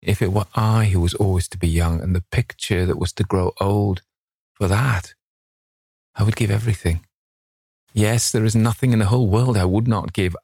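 An anguished, vain young beauty, as a man puts him on for an audiobook, his voice lifted well above the reader's own. The pleading runs through a husky grain, and the recording is dry and close. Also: lowish voice, fairly even intonation, moderate pace, darkish tone, dry recording, pitched above the performer's own voice. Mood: wistful. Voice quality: emotional, pleading.

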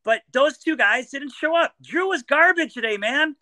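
A man calling into a sports podcast who argues bluntly and will not let a point go. His voice is high and very bright, and it swoops widely in pitch. The sound is dry and close. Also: animated, normal speed, dry recording. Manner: blunt, argumentative. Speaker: caller. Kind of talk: call-in sports debate.

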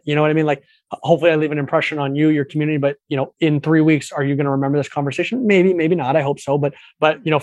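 A man talks at a rapid clip and tells stories with plenty of restarts and quick asides. His voice sounds close and dry, with no room around it. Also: on the high side, no echo. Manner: fast, animated storyteller with many restarts. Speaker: podcast guest, entrepreneur. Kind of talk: casual interview talk.

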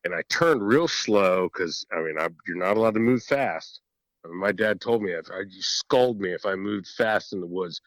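A man telling a hunting story in a casual podcast chat, animated and swearing freely, often laughing. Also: low voice, normal speed, no room sound, poor audio. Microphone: podcast microphone.

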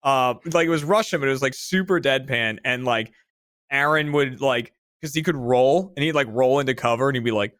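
A man's voice: medium pitch, a little fast, dry recording, clean studio sound. A man chatting casually on a podcast, telling a story with lots of laughter. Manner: animated storyteller who laughs mid-sentence. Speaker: podcast regular. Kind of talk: casual chat.

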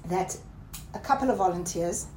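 A woman with a darkish tone and moderate pace gives a Torah lecture to a class, mixing Hebrew terms into her English and checking in with her listeners often. When she stresses something, her pitch lifts emphatically. Echo fills the room, along with faint background noise.

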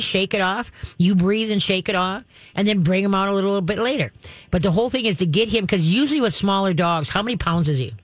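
A woman's voice: medium pitch, no echo. A woman, hosting a call-in radio show and giving callers firm, chatty dog training advice. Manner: direct, instructive, chatty with laughs.

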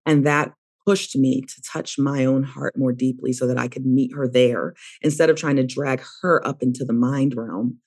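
Gravelly-voiced middle-aged woman therapist. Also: rumbling low, steady tone, moderate pace, hardly any pauses, a little mellow. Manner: reflective, emphatic storytelling. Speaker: therapist guest. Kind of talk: podcast interview.

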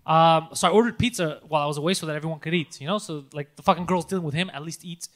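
A man's voice: on the high side, racing. A man co-hosting a podcast, telling stories in casual, profane chat and acting out the people he quotes. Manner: animated, profane, acts out quotes loudly. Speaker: podcast co-host, comedian.

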